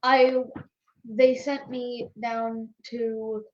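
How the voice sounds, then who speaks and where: A woman's voice: fairly high pitch, flat delivery, drawn-out words, a little mellow, dull audio, slight background noise. A woman playing a tabletop game, answering the game master with brief, casual replies. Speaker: player.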